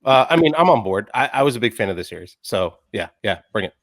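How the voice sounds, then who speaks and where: A man, co-hosting a podcast with sarcastic, deadpan jokes. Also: on the low side, fast talker, no echo. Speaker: podcast co-host. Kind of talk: casual chat.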